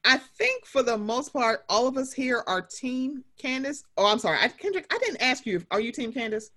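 Animated, high-pitched woman gossiping. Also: moderate pace. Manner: animated, profane, acts out others in high voices. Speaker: podcast co-host. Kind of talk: casual reality-TV gossip chat.

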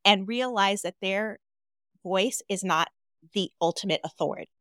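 A woman's voice: mid-range voice, normal speed, fairly bright tone, dry recording, studio quality. A woman guest in a casual interview, playful and emphatic, laughing easily as she talks.

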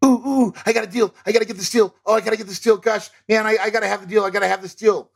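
Guy doing a squeaky overeager investor dude, breathless and begging for the deal. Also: steady tone, rapid-fire, vocal fry. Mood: desperate eagerness. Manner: breathless, pleading, fixated.

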